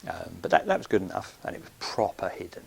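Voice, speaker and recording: Gravelly low-voiced man telling stories. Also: sing-song, fast talker. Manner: rambling, chatty, with many ums and "sort of". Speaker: podcast host. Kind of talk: anecdotal storytelling.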